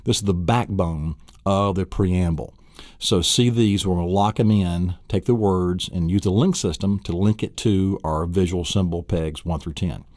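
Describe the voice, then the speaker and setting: A man's voice: deep voice, moderate pace, darkish tone, no room sound, clean studio sound. A man teaching a recorded memory course, enthusiastic and fond of acting out vivid mental pictures. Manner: enthusiastic, acts out vivid scenes. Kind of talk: recorded lesson.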